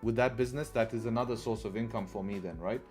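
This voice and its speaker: A man's voice: fairly low pitch, fast, darkish tone, soft background music. A man hosting a live trading stream, talking casually to viewers and often tagging his points with "right?". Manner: conversational, keeps adding "right?", profane asides. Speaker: trading livestream host.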